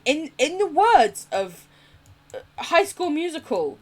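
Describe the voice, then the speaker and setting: A woman's voice: high-pitched, very animated, normal speed. A woman from England with a posh English accent, chatting casually while playing a game on stream, giggly and sweary. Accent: posh southern English. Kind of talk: casual live-stream chat while gaming.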